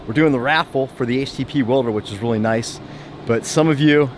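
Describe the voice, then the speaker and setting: A man's voice: mid-range voice, brisk, slight background noise. A man chatting casually in his home welding shop, rambling with lots of fillers and restarts. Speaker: vlogger showing his shop. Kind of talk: casual vlog chat.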